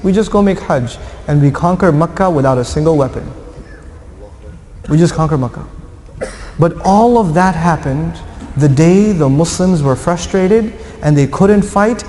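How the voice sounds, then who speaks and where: A man preaching and telling a story to an audience, lively, acting out the voices of the people in it. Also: high voice, slight background noise. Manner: animated, acts out quoted voices. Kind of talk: lecture storytelling. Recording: echoey hall.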